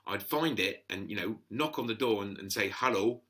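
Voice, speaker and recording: Middle-aged man, very bright tone, rambling chatty storyteller. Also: lowish voice, lively intonation, brisk. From England. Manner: chatty, rambling, lots of restarts. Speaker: podcast guest. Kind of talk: casual storytelling.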